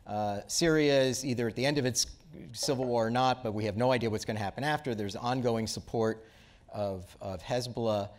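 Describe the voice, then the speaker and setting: A man's voice: mid-range voice, fairly quick. A man moderating an onstage conversation, posing long, conversational questions. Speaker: interviewer, moderator. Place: auditorium stage.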